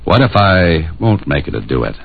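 A man's voice: low voice, sing-song, moderate pace, creaky, slightly rough, full character voice. An actor playing a dry, wisecracking tough guy in a 1940s radio drama. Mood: wry. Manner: dry, wisecracking, hard-boiled. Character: wisecracking tough male adventurer. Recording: tinny 1940s radio broadcast.

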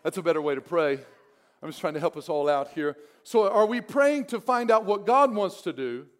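A man pastor preaching a sermon, moving between soft prayer and emphatic, repeated phrases. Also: sits high, animated, normal speed.

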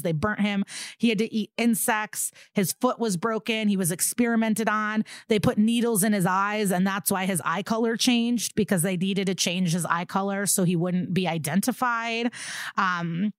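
Woman podcast host telling a crime story, lively and casual, dry close mic. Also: mid-range voice, dry recording. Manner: animated storytelling, swears, acts out quotes. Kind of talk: casual true-crime recap.

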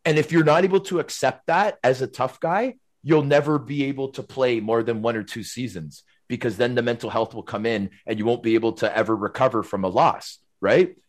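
A middle-aged man, a former hockey player, telling stories casually as a podcast guest, rambling and animated, tagging his sentences with questions. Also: mid-range voice, fairly quick, few pauses. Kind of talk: casual storytelling.

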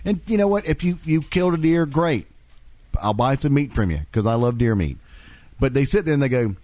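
A man's voice: medium pitch, expressive, a little fast, darkish tone, no room sound. A man hosting a casual chat, rambling through stories and laughing often.

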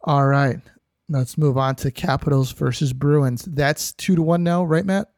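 A man's voice: fairly high pitch, fairly even intonation, a little slow, darkish tone, no echo, studio quality. A man co-hosting a casual hockey podcast, steering topics and asking questions. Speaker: podcast co-host.

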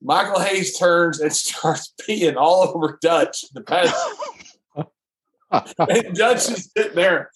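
A man's voice: sits high, measured pace, a bit bright, slight background noise, low-quality recording. A man hosting a podcast, telling a story and laughing mid-story. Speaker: podcast host. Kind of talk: casual storytelling.

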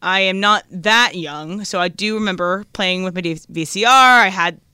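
A woman's voice: on the low side, moderate pace, pushed and bright, clean tone, no echo, studio quality. A woman co-hosting a radio show, chatty with lots of fillers. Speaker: radio co-host. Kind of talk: casual show chat.

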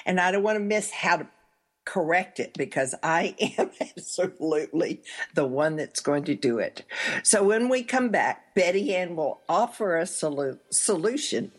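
Low, husky Texan woman hosting radio. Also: expressive, moderate pace. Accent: Texas. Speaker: radio talk show host. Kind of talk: radio interview.

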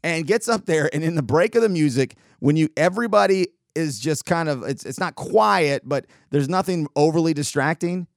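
A man hosting a show, telling a story in a sarcastic, animated way with quick asides. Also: a little high, gravelly, no echo, studio quality. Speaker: podcast host. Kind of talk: casual storytelling monologue.

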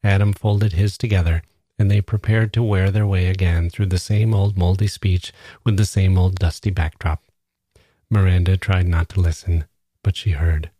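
A man giving measured, even narration of a literary novella, recorded close on a studio mic. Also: deep voice, breathy edge, no echo. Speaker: reader.

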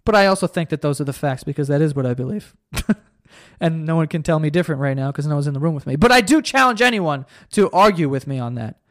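A young man hosts a solo podcast and rants heatedly, swearing freely and turning sarcastic. His voice sits a little higher than most men's. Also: animated, fast, dry recording, studio quality. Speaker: podcast host.

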